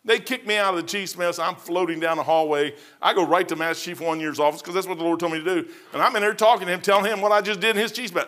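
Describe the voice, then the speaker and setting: A man's voice: sits high, quick pace, few pauses, bright, forceful tone. Folksy middle-aged man preaching. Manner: folksy, conversational preaching with personal stories. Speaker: pastor. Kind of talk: verse-by-verse sermon.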